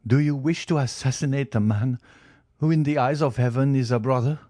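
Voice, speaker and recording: A man's voice: fairly quick, warm tone, dry recording, clean studio sound, close to an everyday voice. A man voicing a starving old male banker held prisoner, pleading in a raised, desperate voice. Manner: desperate, high-pitched begging.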